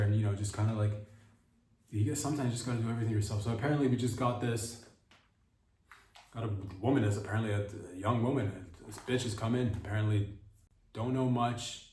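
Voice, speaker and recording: A man's voice: fairly low pitch, steady tone, a little mellow, a little hiss or hum. A man hosting a comedy podcast, rambling through an improvised bit and cutting himself off mid-sentence. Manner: rambling, self-interrupting, quick asides. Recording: roomy, voice far from mic.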